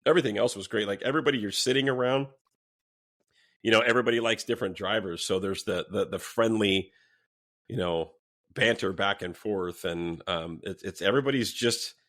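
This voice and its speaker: A former police officer speaks briskly in a fairly low voice, telling a story in a casual podcast interview. He's animated, swears freely and acts out the things people said.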